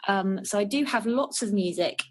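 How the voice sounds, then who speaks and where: A woman's voice: mid-range voice, moderate pace. A woman singer chatting as an interview guest, talking in a rambling way with many fillers and restarts. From England. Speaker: jazz and soul singer, guest. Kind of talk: casual interview chat. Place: living on the French Riviera.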